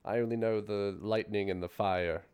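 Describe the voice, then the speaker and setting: A man's voice: on the low side, steady tone, normal speed, darkish tone, clean tone. A man playing a tabletop game, joking playfully with the table. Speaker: player.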